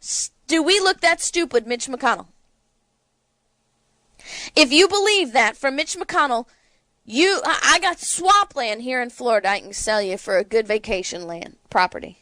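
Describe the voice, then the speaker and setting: A woman's voice: high voice, animated, normal speed, bright, forceful tone, no echo. A woman hosting a political talk show, delivering sarcastic, indignant commentary.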